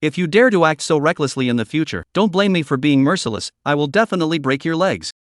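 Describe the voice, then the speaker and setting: A man's voice: fairly high pitch, sing-song, a little fast, a bit bright, no room sound, studio quality. A man reading a stern young cultivator master. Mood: scolding. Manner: commanding, scolding. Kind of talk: text-to-speech recap reading.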